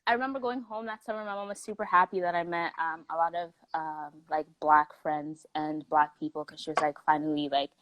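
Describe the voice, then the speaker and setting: A woman's voice: deep voice, fairly even intonation, fairly quick, hardly any pauses, no room sound, lo-fi sound. A young woman with a Canadian accent, originally from South Africa, chatting casually as a guest and telling stories with lots of "like". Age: young adult. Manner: chatty storytelling, heavy use of "like". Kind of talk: casual chat.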